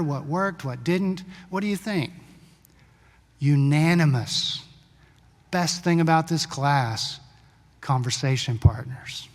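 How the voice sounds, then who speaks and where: Male pastor, sermon, storytelling, slightly higher voice, long church echo. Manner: conversational storytelling, shifting between brisk and slow, hushed passages. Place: church sanctuary. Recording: long church-hall reverb.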